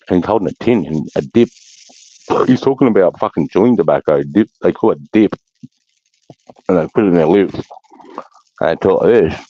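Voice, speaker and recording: Deep-voiced swearing Australian man. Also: a little fast, warm tone, no room sound, highs cut off. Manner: swears constantly, laughs often, rambling. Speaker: livestream host. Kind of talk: casual livestream chat.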